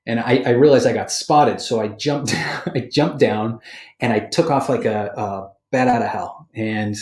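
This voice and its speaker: A man's voice: medium pitch, unhurried, echoey room. A man hosting a podcast, chatting casually and telling stories with plenty of laughs. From Boston area, USA. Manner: animated storyteller, laughs often. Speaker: podcast host. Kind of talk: casual chat.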